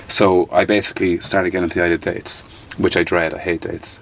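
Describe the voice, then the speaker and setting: Fast and gravelly, the low voice of an Irish man in his thirties carries over slight background noise. As a guest in a casual interview, he tells stories animatedly, often restarting sentences and dropping the odd swear word.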